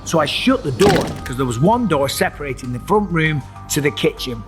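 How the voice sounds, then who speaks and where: Middle-aged host, vivid storyteller, slightly high voice, acts out the scary parts. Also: male voice, brisk, over music. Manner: animated, acts out his own screams and voices. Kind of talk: dramatic personal storytelling.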